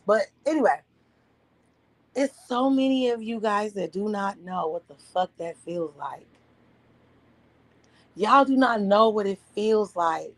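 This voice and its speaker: A woman ranting bluntly and profanely on a livestream from home, often mimicking others in a high voice. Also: poor audio. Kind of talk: casual livestream rant. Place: at home, partner asleep beside her.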